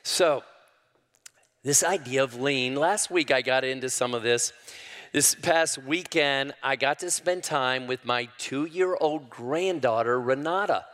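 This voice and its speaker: An older man preaching a sermon, folksy and calling the crowd y'all, rising loudly when he quotes scripture. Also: mid-range voice, slow pace. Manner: preaching with sudden loud rises to quoted scripture. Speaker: pastor. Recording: long hall reverb.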